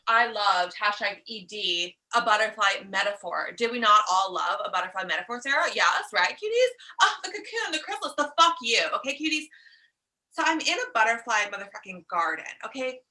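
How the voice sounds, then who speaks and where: A woman's voice: medium pitch, expressive, brisk, pushed and bright, recorded from a distance, low-quality recording. A woman life coach on a comedic live stream, talking in a sassy, profane way and calling her listeners darlings. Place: outdoors in a warm country. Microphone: phone live stream.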